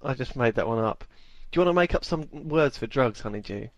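A man's voice: medium pitch, lively intonation, fairly quick, no echo, muffled recording. A man co-hosting a podcast, teasing and playful in casual banter. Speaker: podcast co-host.

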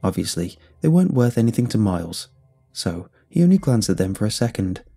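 Low, husky male horror narrator. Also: very animated, mellow. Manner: measured, deliberate storytelling. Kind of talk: scripted horror story narration. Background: faint music.

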